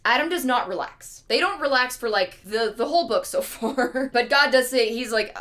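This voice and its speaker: Bright-voiced woman, casual storytelling. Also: fairly high pitch, normal speed, few pauses. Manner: casual, slangy, animated. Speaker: streamer. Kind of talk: comedic storytelling.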